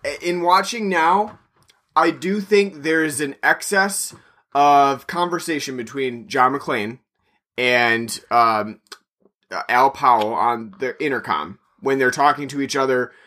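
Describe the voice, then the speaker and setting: A male podcast host talks in a loose, meandering way. His voice is bright and carries steadily at an even middle pitch. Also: slow. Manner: chatty and meandering, plugs the show. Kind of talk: casual podcast chat.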